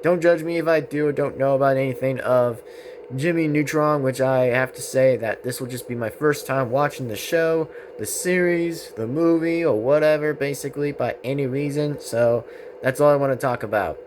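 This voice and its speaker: A man's voice: mid-range voice, normal speed, slight background noise. A young man giving a rambling, earnest tribute monologue on his channel, repeating himself often. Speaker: vlogger.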